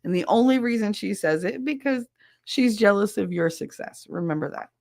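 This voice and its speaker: A woman's voice: mid-range voice, animated, normal speed, vocal fry, a little mellow, a little hiss or hum. A woman hosting a podcast, chatting casually with listeners, blunt and swearing freely. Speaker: podcast host reading listener chat. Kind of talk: casual chat.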